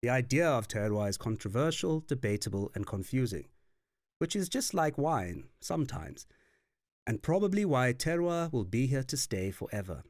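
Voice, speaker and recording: A man narrating a scripted wine lesson in an expressive, playful way. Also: medium pitch, moderate pace, no echo. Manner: lively, expressive delivery with playful put-on accents. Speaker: wine course instructor. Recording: dry voice-over with faint music.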